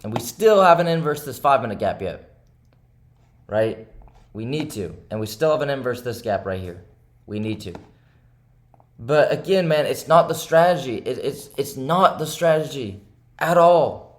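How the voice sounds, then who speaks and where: A young man records a frustrated talk to his viewers right after a losing trade. His pitch sits in the middle for a man, and he keeps repeating himself and tagging "right?" onto his points. He moves between heated bursts and quiet, subdued stretches. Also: expressive, moderate pace, long pauses. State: frustrated and upset. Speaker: day trader and channel host. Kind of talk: frustrated self-talk to camera.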